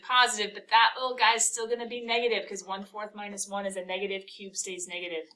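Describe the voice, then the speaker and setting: Woman math teacher in class, bright voice, kinda far from the mic, keeps quizzing the kids. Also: mid-range voice. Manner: energetic, quizzes the class with quick questions. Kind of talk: classroom calculus lesson.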